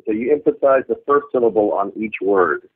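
A man in his thirties, a voice actor chatting in an interview, animated and laughing often as he slips into quick character voices. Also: lowish voice. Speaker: voice actor guest. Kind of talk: casual interview chat. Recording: tinny phone-like archive audio.

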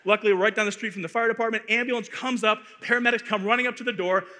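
A man from Arizona, a conference speaker, telling a funny story in a playful, animated way, on a stage microphone in a large hall. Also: high-pitched, very fast. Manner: animated, playful, building comic tension. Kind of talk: comic storytelling talk. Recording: echoey hall reverb.

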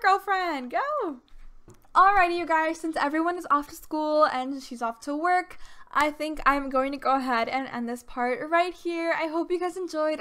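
A woman hosting a let's play, giving casual gameplay commentary in a bubbly, gushing, excitable way. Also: high voice.

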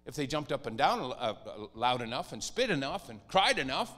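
A man preaching a sermon as pastor, animated and lively, sometimes mimicking whiny pleading voices. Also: mid-range voice, a little fast, long reverb tail.

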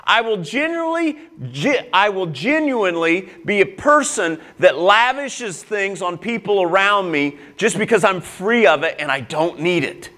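Lively-pitched man preaching a sermon. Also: unhurried, hardly any pauses. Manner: earnest, emphatic preaching with repeated phrases; personal and confessional, with frequent restarts. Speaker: pastor.

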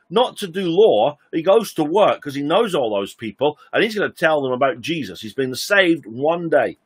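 Husky man telling a sermon story. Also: a little high, moderate pace, few pauses. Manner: animated storytelling with acted-out quotes. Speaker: pastor.

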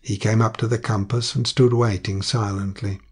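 A man narrating an audiobook in a measured, even way. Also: on the low side, husky.

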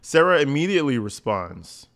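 Male commentator with a blunt, crude, mocking delivery, mid-pitched voice. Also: sing-song, moderate pace, fairly bright tone. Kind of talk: profane reaction commentary.

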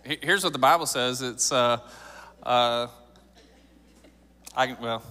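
A man's voice: mid-range voice, slow pace, bright, forceful tone, clear, resonant tone, long reverb tail. A man in his thirties preaching a sermon in a church, joking and conversational, building to emphatic points. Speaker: pastor. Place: church sanctuary.

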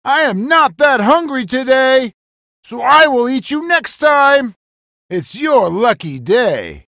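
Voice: high-pitched, sing-song, takes it slowly, fairly bright tone, no echo, clean studio sound, heavily acted. A performer voicing a hungry, bumbling carnivorous dinosaur villain in a cartoon, blustering and huffing between greedy boasts. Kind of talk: cartoon voice acting.

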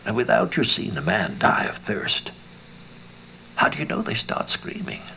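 A hard-bitten, wary drifter with a gravelly growl, as an audiobook reader voices him. He speaks in short, terse lines, his pitch jumping wide between questions. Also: sing-song, normal speed, pushed and bright, a little hiss or hum, full character voice. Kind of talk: dramatized audiobook reading.

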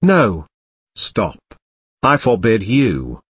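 A man's voice: medium pitch, very animated, unhurried, a bit bright, breathy edge, no echo, clean studio sound, heavily acted. A man voicing a pompous, stiff middle-aged uncle who gives commands in a storybook reading. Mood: dazed.

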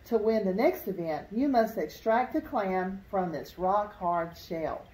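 A woman's voice: medium pitch, animated, a little slow, warm tone, lightly acted. A woman voicing a pelican who judges a bird contest and announces each event in a grand tone. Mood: announcing. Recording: roomy echo.

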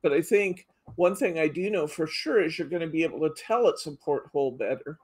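A middle-aged craft show host with a low, slightly rough, somewhat mellow voice talks fairly quickly during a live demo. She keeps it chatty, often laughs, and reads viewer comments out loud.

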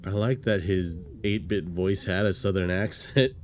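A man's voice: low-pitched, fairly even intonation, normal speed. A man hosting a casual let's-play, joking and reading the game text aloud. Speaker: gaming channel host.

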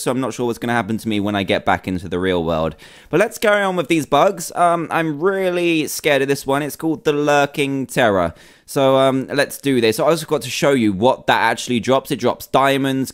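A young man commentating a Minecraft mod showcase, excitable and jokey, his voice swinging from loud yelps to low mutters. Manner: animated, jokey, swings between shouting and muttering. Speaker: gaming YouTuber.

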